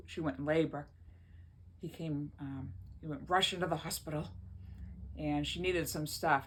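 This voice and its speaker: A woman vlogging from her home in a rambling, chatty way, often laughing as she talks. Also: low voice. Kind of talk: casual chat to camera.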